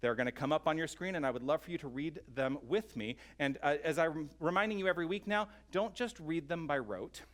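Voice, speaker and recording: Man, minister, online sermon, somewhat high voice, earnest, inviting, a bit out of breath. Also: a little fast, hardly any pauses, fairly bright tone. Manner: earnest, inviting, speaks straight to the listener. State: slightly out of breath.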